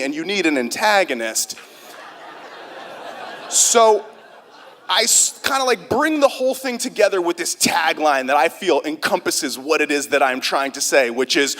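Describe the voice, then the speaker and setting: A young man telling a funny personal story live on stage, casual and self-mocking, full of quick asides. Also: fairly high pitch, animated, a bit bright. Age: young adult. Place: theater stage before an audience.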